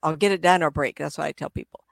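A woman's voice: low-pitched, fairly even intonation, fast, vocal fry, no echo. A middle-aged woman, a psychic medium, chatting in an interview and acting out spirits with gasps and laughs. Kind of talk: casual interview talk.

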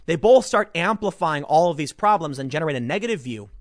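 A man's voice: a little high, animated, fast, dry recording, clean studio sound. A man giving sarcastic political commentary, reading an article aloud with mocking asides.

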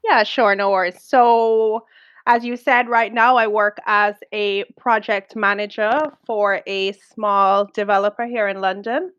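A woman's voice: mid-range voice, steady tone, a little slow, a bit bright, smooth, muffled recording. A woman from Jamaica with a Jamaican accent, a guest answering interview questions confidently with light laughs. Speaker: guest, project manager.

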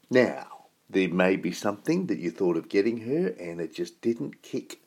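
A man's voice: low-pitched, sing-song, normal speed, a little mellow, slightly rough. A man with an Australian accent hosting a radio show in a folksy, chatty, upbeat way. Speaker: radio host. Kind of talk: casual radio chat.

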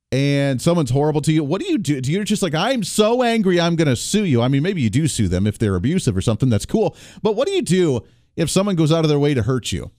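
A man hosting a live talk radio show, delivering an energetic, sarcastic monologue from a radio studio. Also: on the high side, no room sound. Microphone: studio microphone.

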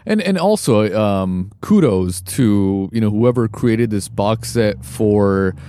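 A man's voice: on the low side, animated, takes it slowly, dark tone, no echo. A man co-hosting a casual podcast, talking with many fillers and restarts. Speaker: podcast co-host. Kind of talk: casual chat.

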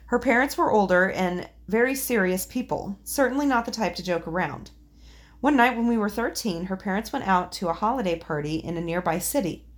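A woman reading listener ghost stories on a podcast in a relaxed, chatty way. She swears offhandedly and laughs easily with her co-host. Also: mid-range voice, a little fast. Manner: swears casually, laughs often. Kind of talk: casual podcast chat and story reading.

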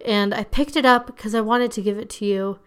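A woman's voice: mid-range voice, steady tone, brisk, fairly bright tone, clear, resonant tone, natural voice. A woman imitating an overly dramatic teenage girl giving an earnest, tearful speech. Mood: earnest, gushing.

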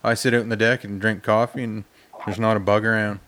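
A man's voice: fairly low pitch, level tone, fairly quick, a bit bright, slight background noise. A man co-hosting a casual podcast chat, blunt and laughing often.

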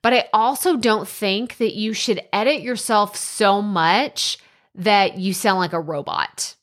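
A woman's voice: medium pitch, measured pace, fairly bright tone. A woman podcast host giving casual advice in a chatty way, with many filler words like "like" and "so".

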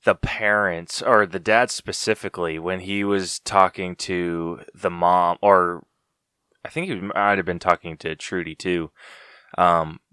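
A man guesting on a podcast, chatting casually about a movie in a measured, hesitant way. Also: low voice, steady tone, pushed and bright, clear, resonant tone, no room sound, clean studio sound. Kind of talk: casual movie review chat.

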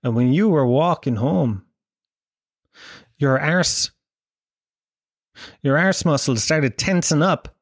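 Irish man, middle-aged, comedy monologue, crude rambling stories, slightly high voice. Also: slow, long pauses, dry recording, studio quality.

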